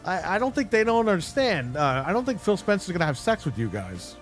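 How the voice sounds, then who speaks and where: A man with a high, very animated voice rants briskly on a live stream over faint background music. He's angry and blunt, swearing a lot and mocking the people he argues with by imitating their voices.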